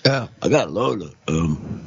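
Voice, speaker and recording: Man, husky podcast host, laid-back casual chat, dull dry recording. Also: sits low, lively intonation, normal speed, dry recording. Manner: laid-back, short interjections. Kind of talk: casual live-stream chat.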